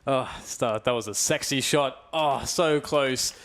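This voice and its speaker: British guy casting esports, steady then yelling when stuff pops off. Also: mid-range voice, a little slow. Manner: calm analysis that bursts into excited shouts on big plays. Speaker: esports commentator. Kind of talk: esports play-by-play commentary.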